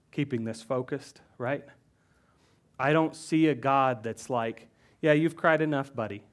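A middle-aged pastor preaching in church, who speaks with feeling and moves between loud, stressed lines and hushed, almost whispered words. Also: male voice, mid-range voice. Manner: emotional, swings from loud emphasis to hushed near-whispers. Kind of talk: sermon.

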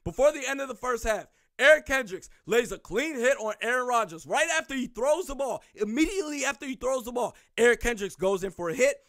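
A man hosting a sports podcast, ranting sarcastically about rival fans and referee calls, now and then shouting. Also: very high voice, lively intonation, brisk, hardly any pauses, no room sound, clean studio sound.

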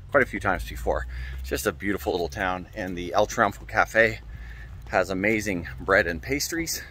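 Male vlog host, low voice, casual upbeat chatter. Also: a bit bright, slight background noise. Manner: upbeat, chatty, filler-heavy. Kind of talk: casual travel vlog narration.

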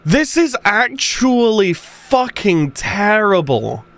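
A man's voice: sits high, very animated, slow pace, a bit bright. A man giving casual commentary while playing a game, ranting in frustration and swearing.

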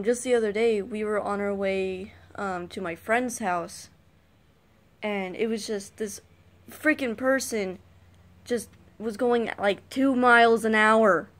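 A woman's voice: mid-range voice, takes it slowly. A teenage girl vlogging a casual rant to camera, rambling and sighing as she complains. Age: teens. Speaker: YouTube vlogger.

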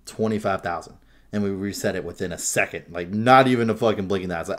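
Speaking briskly in a lowish voice, a young podcast co-host chats casually about gaming. He's animated and profane, cursing freely and laughing often as he tells his stories.

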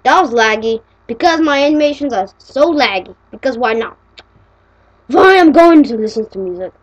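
A woman narrating her own homemade cartoon video, excitable and quick to complain. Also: a little high, highs cut off. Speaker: channel creator.

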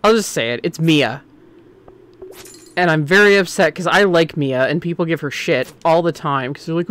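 A man streaming a game, chatting casually and opinionated, swinging between excited outbursts and muttering. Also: a little high, moderate pace, smooth. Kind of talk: casual gameplay commentary.

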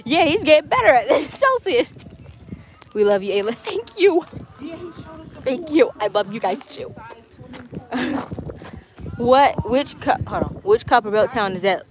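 A woman with a mid-range, expressive voice speaks slowly and pauses often while walking outdoors on a travel vlog live stream. She chats casually and reads viewers' comments out loud, captured on a handheld phone camera with noisy outdoor audio.

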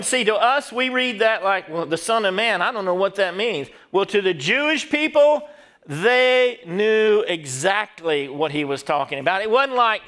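A middle-aged pastor delivers a sermon in a fairly high voice. He talks straight to the congregation and has them say words back to him. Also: fairly bright tone. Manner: preaching with call-and-response to the congregation.

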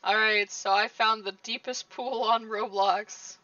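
A woman with a bright, high-leaning voice gives loose, playful commentary while gaming with friends, laughing easily. The sound is dry and a little dull, as if she sits back from the mic. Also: fairly even intonation, a little slow, no echo, distant mic. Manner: laughs often, playful reactions. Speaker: gaming streamer. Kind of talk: casual gameplay commentary.

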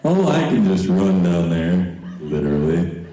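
Deep-voiced man telling a story on stage. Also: big pitch swings, measured pace. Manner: laughs through his words, self-mocking. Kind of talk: onstage storytelling to a concert audience. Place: concert stage. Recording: echoey live concert hall from far off, with noise.

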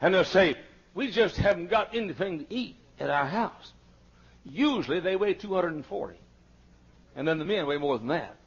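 A man preaching a folksy sermon as pastor, swinging from loud emphatic rises to quiet asides. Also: sits high, animated, moderate pace, slightly rough. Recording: dull lo-fi archival sermon tape.

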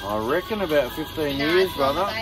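A man's voice: a little high, animated, moderate pace, music in the background. A middle-aged Australian man chatting with a friend, laid-back and dry. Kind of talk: casual chat. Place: campsite outdoors at night.

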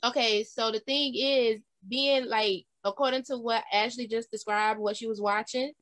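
A woman's voice: a little high, fairly even intonation, fairly bright tone, no echo, rough recording. A woman in a casual podcast chat, making her argument and restating it carefully. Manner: poses a pointed question and then restates it slowly.

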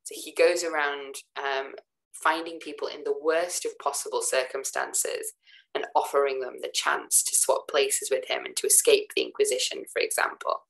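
A woman lecturer giving a recorded talk over slides, relaxed and chatty, with many ums and "sort of" fillers. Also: a bass voice, normal speed, vocal fry, rough recording. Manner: relaxed, casual asides to students.

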